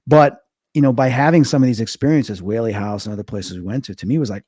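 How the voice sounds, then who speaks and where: A man in his fifties from Chicago, a medium being interviewed, telling stories quickly and acting out quoted dialogue. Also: husky, dry recording, clean studio sound. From Chicago, USA. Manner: fast, animated, acts out quoted dialogue with big pitch jumps. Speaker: guest, medium and paranormal investigator. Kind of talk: casual interview storytelling.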